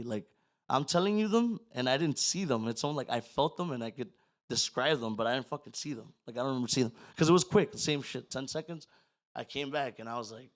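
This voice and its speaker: Speaking at a fairly high pitch, a man guesting on a podcast tells a personal story in a casual, profane style. He acts out his own words, swinging from loud outbursts to near-whispers.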